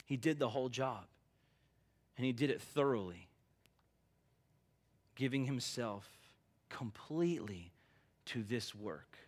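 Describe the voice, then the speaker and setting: A man's voice: medium pitch, expressive, slow, pauses often. A male pastor preaching a sermon in an earnest, emphatic, conversational way.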